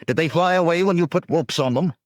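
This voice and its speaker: A man voicing a bold young barbarian warrior who rouses his men with shouted cries. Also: a little high, fast, no echo, clean studio sound, pitched above the performer's own voice, natural voice. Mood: mocking. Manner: rousing, shouts battle cries.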